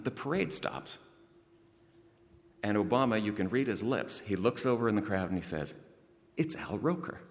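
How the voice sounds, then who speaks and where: A man preaching a sermon, telling a story in a lively way and praying in a hushed voice. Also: on the low side. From outside the United States. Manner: lively anecdotal delivery, hushed in prayer. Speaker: pastor. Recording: long hall reverb.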